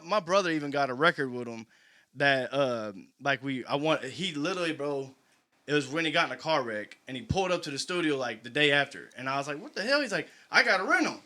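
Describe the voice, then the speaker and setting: A man in casual podcast chat, telling animated stories and laughing as he quotes others. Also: fairly high pitch, dry recording. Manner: animated storyteller, laughs while quoting others.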